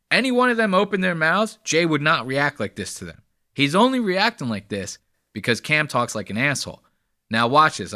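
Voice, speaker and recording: A man's voice: fairly high pitch, sharp tone, no echo, studio quality. A man giving blunt, profane, chatty commentary on comedy clips. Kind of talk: casual commentary.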